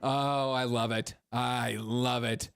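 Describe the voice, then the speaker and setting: A man's voice: mid-range voice, little pitch movement, takes it slowly, vocal fry, smooth. A man hosting a political comedy podcast, riffing sarcastically and laughing at the news. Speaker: podcast host.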